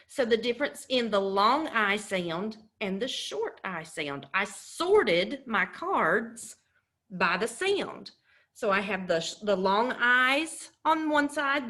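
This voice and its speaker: A woman's voice: fairly high pitch, fairly bright tone. A woman teacher giving a recorded phonics lesson to young children, talking patiently and stretching out each sound. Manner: slow, patient, drawn-out enunciation of sounds. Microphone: camera.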